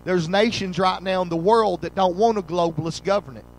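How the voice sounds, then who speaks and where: A male pastor preaching a sermon fervently, reading old-style scripture and swelling loud on key lines before dropping low. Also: brisk, a little hiss or hum, poor audio. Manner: reads scripture in old King James wording.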